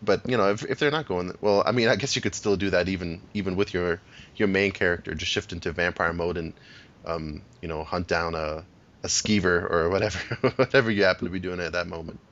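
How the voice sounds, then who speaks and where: A low-voiced man talks through his thoughts on a podcast, circling back and restarting often as he goes. His sentences wander with plenty of fillers. The recording sounds dull and lo-fi. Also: fairly quick, fairly bright tone. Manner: rambling, many restarts and fillers. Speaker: podcast co-host. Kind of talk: casual chat about games.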